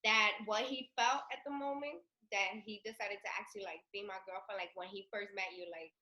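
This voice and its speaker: A woman's voice: mid-range voice, steady tone, a little fast, sharp tone. A woman co-host interviewing a guest over a video call, asking hesitant questions full of fillers. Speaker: podcast co-host.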